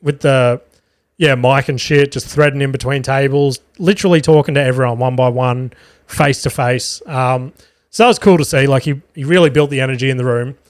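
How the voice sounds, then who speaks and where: On his podcast, a young stand-up comedian spins casual, rambling stories laced with swearing, frequent fillers and laughter. He speaks briskly in a steady, mid-range voice, and the clean studio recording has no echo.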